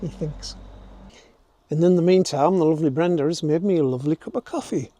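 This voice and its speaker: A man's voice: fairly high pitch, fairly quick, warm tone. Chatty older man fixing his camper van. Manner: chatty, self-mocking, thinking aloud while working. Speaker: vlogger. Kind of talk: casual DIY vlog talk to camera. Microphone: handheld camera.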